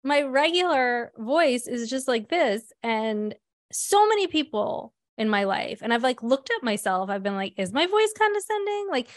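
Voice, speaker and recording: A woman's voice: on the high side, lively intonation, measured pace. A woman co-hosting a podcast in casual chat, with a voice that people call condescending. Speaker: podcast co-host.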